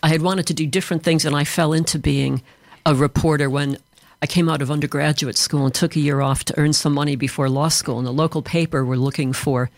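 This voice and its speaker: A man's voice: a little high, steady tone, a little fast, no echo. A man from Chicago with an American accent, answering interview questions in a fluent, explanatory way as an author and trainer. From Chicago, USA.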